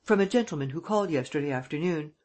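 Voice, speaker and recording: A polite hotel head waiter from a spoken storybook, answering questions in a plain, guarded way, as a reader puts him on. The voice is husky and pitched in the middle range. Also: lively intonation, fast talker, darkish tone, natural voice. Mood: matter-of-fact.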